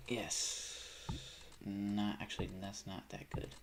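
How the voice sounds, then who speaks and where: Cursing, excitable male game streamer. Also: moderate pace, slight background noise. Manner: swearing, panicky outbursts between low self-critical muttering. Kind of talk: live gaming commentary.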